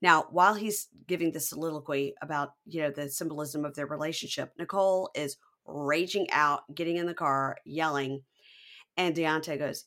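A woman's voice: sits low, moderate pace. A woman podcast host recapping a reality show in casual chat, acting out quotes. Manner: animated retelling, acting out quotes.

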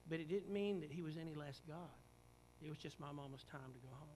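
Male pastor, sermon, high voice, emphatic rising delivery, faint hum behind. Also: fast talker, darkish tone, poor audio. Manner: preaching with rising, emphatic bursts and dramatized quotes.

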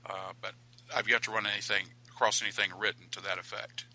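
A man, an author and guest, telling a ghost story in an animated, dramatic way. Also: lowish voice, fast, poor audio.

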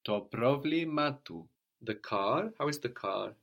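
A man's voice: mid-range voice, lively intonation, measured pace, a bit bright. A man teaching a language lesson, explaining points patiently and modeling phrases for a student to repeat.

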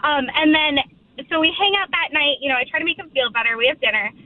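A woman's voice: high-pitched, fast talker, no echo. A woman calling in to a radio show, rambling through her story with lots of "like" and "um". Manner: rambling, full of "like" and "um". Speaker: caller. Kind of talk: telling a story on the phone. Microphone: phone. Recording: tinny phone line.

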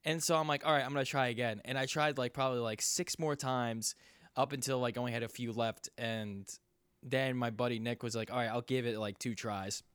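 A man's voice: fairly even intonation, brisk, clean tone, no echo. Rambling, swearing young man telling a story. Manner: rambling, profane, gets loud and high when riled. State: sore. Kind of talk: casual storytelling chat.

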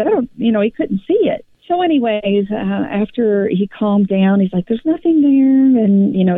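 Woman, podcast co-host, casual story, restarts often, creaky voice, tinny narrow line. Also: mid-range voice, no room sound. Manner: animated, rambling retelling with many restarts. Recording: dry, phone-like line.

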